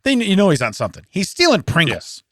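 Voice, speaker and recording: A man's voice: high voice, wildly swooping pitch, quick pace, fairly bright tone, no room sound, clean studio sound. A man co-hosting a comedy podcast, reading odd news stories aloud with jokey asides and frequent laughter. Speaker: podcast co-host. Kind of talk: casual comedic banter.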